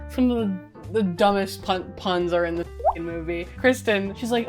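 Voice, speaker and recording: A woman's voice: mid-range voice, normal speed, a little mellow, soft background music. A young woman giving a casual, sarcastic recap of a bad movie, giggling often and mimicking the characters. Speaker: movie commentary streamer.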